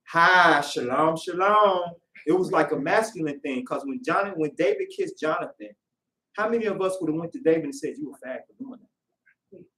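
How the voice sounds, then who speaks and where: A man preaching a sermon in casual, conversational speech, lively as he acts out voices. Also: a little high. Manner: animated, acts out quoted voices. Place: worship hall. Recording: echoey room, voice from far off.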